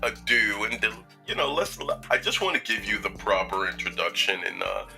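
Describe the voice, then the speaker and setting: Chicago guy hosting his show, low-ish voice with a really sharp bright edge, jokey and rambling. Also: big pitch swings, moderate pace, gravelly, soft background music, poor audio. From Chicago, United States. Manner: joking, chatty, lots of filler words. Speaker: talk show host. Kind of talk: casual interview introduction.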